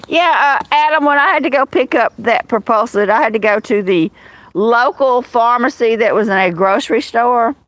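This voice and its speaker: A woman's voice: a little high, moderate pace, fairly bright tone, no room sound, rough recording. A woman chatting casually on a phone livestream at home, greeting viewers by name and telling stories. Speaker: livestream host.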